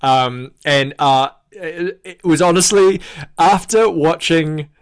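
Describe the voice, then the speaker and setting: A man with a New Zealand accent, appearing as a guest actor on a video call, chats casually in an interview, rambling politely and correcting himself along the way. His voice is on the high side, clear and resonant, and he takes his time.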